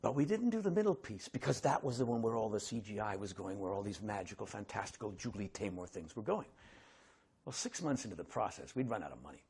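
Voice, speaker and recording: A middle-aged man, an actor, telling an animated story to an audience and acting out the voices of the people in it. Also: fairly low pitch, fast talker, husky. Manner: animated, acts out voices of others in his stories.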